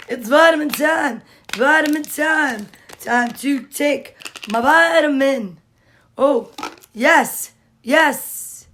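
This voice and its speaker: A woman hosting a casual livestream, greeting viewers by name and chatting in a cheerful, drawn-out way. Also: sits high, fairly bright tone, slight background noise. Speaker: livestream host.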